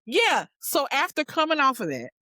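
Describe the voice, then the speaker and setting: A woman's voice: sits high, moderate pace, no echo. A woman guest telling a story in casual, slangy talk, acting out what people said. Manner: animated, slangy storyteller who acts out quotes. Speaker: guest singer-songwriter.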